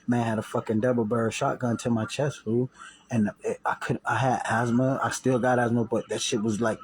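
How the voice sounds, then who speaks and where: A man's voice: mid-range voice, little pitch movement, brisk, slight background noise, low-quality recording. A man casually telling viewers a personal story, slangy and profane, repeating and restarting himself. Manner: slangy, profane, repeats and restarts, acts out quoted voices loudly.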